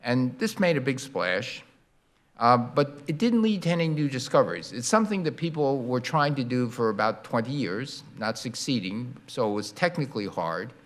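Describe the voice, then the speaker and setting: An older man lecturing on science in a hall, with a middle-pitched voice. He is lively and playful, acting out little sound effects and demonstrations as he explains. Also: normal speed. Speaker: guest lecturer.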